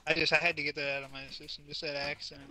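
A young man with a very bright, cutting voice pitched a little high, bantering with a friend over a game. He rants and swears freely, jumps between jokes and complaints, and keeps the talk loose and casual. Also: flat delivery, rapid-fire, rough recording. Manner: profane, ranting, joking. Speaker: gamer. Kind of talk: casual banter while gaming.

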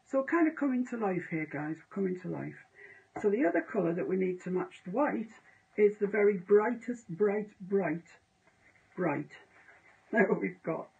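A chatty woman talks through a painting demo on a live stream. Her voice is gravelly and husky, and the audio sounds dull and lo-fi. She often drifts off mid-sentence. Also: mid-range voice, expressive, a little slow, a little mellow. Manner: chatty, self-amused, trails off mid-sentence. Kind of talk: casual live painting demonstration.

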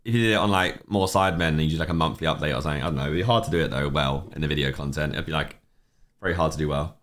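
A man's voice: extremely low pitch, rapid-fire, a bit bright. A young man, casually chatting on a livestream, rambling and reacting to chat messages with offhand opinions.

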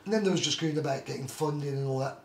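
In a relaxed interview, a retired journeyman boxer in middle age fires off stories at a rapid clip, his voice on the high side. He rambles, repeating "like I say" and "do you know what I mean," amid roomy echo and faint background noise.

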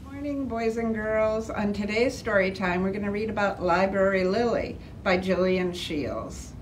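A woman reads a children's picture book aloud at a slow, careful pace and lifts her voice for the characters' lines. She sounds far from the microphone in an echoey room. A faint noise sits behind her. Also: mid-range voice. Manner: expressive read-aloud, lifting her voice for dialogue. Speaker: librarian reading aloud. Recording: distant mic in an echoey room.

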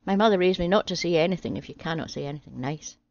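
A woman reading a string of jokes aloud in a steady, deadpan way. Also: on the low side, quick pace. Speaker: channel host reading jokes. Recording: dry, slightly dull home audio.

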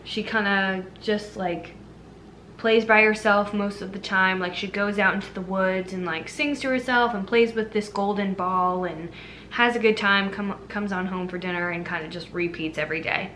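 A young adult woman retells a fairy tale for a movie review vlog, chatty and packed with fillers, in a casual storytelling review style. Her mid-range voice is fairly bright and steady, moving at a moderate pace, with a little hiss or hum in the background.

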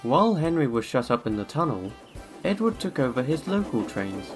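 Animated male storybook narrator. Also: medium pitch, normal speed. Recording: music underneath.

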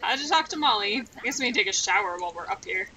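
A woman's voice: mid-range voice, animated, very fast, sharp tone, slight background noise, rough recording. A woman giving casual, chatty gameplay commentary, playfully melodramatic as she goes. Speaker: let's play gamer.

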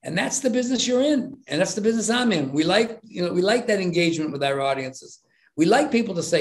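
An older man talking as a podcast guest, emphatic and animated, repeating his words and acting out little exchanges. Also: high voice, fast.

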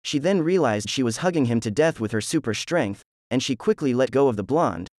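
A man narrating a fan fiction story in a plain, steady reading voice with offhand asides. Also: mid-range voice, a little fast, no room sound, studio quality.

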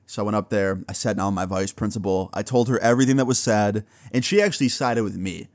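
Young male vlogger, storytime, animated delivery with lively pitch, dry close sound. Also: fast, hardly any pauses, dry recording. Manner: animated, acts out dialogue, swears casually. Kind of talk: casual storytelling.

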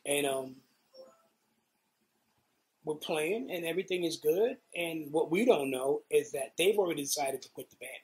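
A middle-aged man with a New York accent telling profane, animated stories in a casual interview. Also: on the high side, moderate pace, long pauses. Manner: profane, animated, acts out quotes. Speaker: interviewee, guitarist. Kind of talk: casual storytelling.

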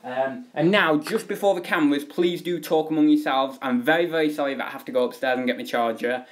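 A man's voice: on the high side, quick pace. A young man chatting casually on a home live stream, rambling with many fillers.

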